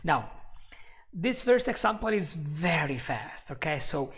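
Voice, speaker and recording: A man teaching a live online English lesson, chatty and laughing often, repeating example phrases slowly. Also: fairly high pitch, sing-song, fairly bright tone.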